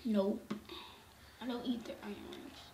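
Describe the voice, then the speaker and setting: A woman with a hoarse voice from a cold, chatting slowly and casually over a meal. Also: on the high side, steady tone, reverberant, background noise. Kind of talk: casual chat while eating.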